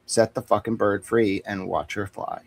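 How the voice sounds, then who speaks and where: A man's voice: on the low side, flat delivery, moderate pace, gravelly. A man on a boxing talk stream, joking and boasting in profane, rambling riffs. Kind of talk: casual livestream banter.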